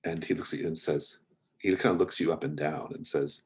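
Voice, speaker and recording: A man's voice: a bass voice, fairly even intonation, a little fast, slightly rough. A man narrating as game master of a tabletop role-playing game, rambling with many fillers and restarts.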